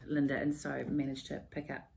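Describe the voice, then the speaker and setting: A woman's voice: low voice, monotone, gravelly, a little mellow, slight background noise. A middle-aged woman with a New Zealand accent, co-hosting a podcast in friendly, upbeat casual chat. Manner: friendly, upbeat, quick asides. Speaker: podcast co-host.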